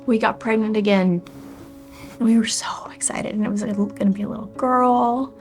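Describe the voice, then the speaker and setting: A woman's voice: medium pitch, steady tone, brisk, faint music behind. A woman in her forties sharing a personal testimony, candid and emotional, often dropping to a near-whisper. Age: 40s.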